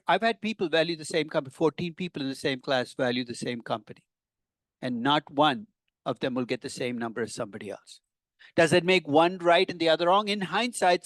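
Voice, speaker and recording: A man's voice: fairly high pitch, dry recording. Wry older man lecturing a class. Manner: conversational, wry teasing asides to students. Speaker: professor. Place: lecture hall with students.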